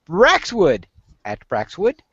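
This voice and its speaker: Playful female podcast co-host, unhurried and animated, lo-fi dry recording. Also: on the low side, noisy background. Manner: playful, theatrical when reading a silly poem. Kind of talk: casual podcast chat.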